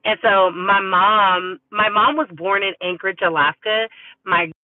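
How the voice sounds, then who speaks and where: Chatting casually and cheerfully as a livestream host, a woman from California addresses her viewers as y'all. She speaks a little slowly in a mid-range voice, over dry, tinny phone-like audio with no room sound.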